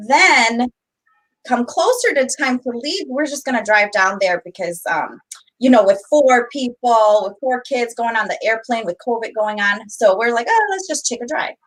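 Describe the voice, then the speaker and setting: High-voiced animated woman telling a story. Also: normal speed, rough recording. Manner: animated, acts out quotes, talks over her partner. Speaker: podcast co-host. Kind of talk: casual storytelling chat.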